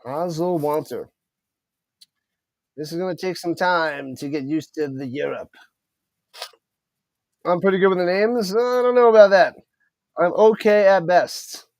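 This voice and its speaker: A man's voice: high voice, unhurried, long pauses, dry recording. A man streaming live play-by-play of a football game, talking to his chat and tripping over unfamiliar player names. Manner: excited commentary, chats with viewers, stumbles over names.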